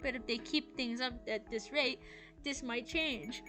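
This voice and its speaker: A woman's voice: high-pitched, expressive, a little fast, a bit bright, voice pushed up. A woman voicing a playful, clowning teenage girl in a game, joking her way through a class presentation, with game music behind. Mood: goofy. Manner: goofy, joking.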